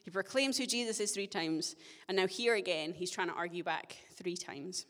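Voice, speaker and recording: A young woman giving a sermon to her church, telling a personal story in a chatty, self-deprecating way with gentle humor. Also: on the low side, normal speed. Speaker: church speaker. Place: church hall. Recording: long church-hall reverb.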